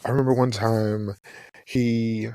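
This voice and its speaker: His voice is low, dark and level, delivered at a measured pace in a recording with no room sound. He hosts his own podcast, reflecting earnestly in personal commentary and often restarting sentences.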